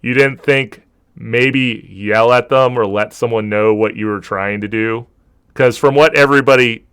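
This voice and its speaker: A man's voice: lowish voice, fairly bright tone, clean tone. A man who is game master, narrating a tabletop game and questioning a player in character. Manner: confrontational, questioning.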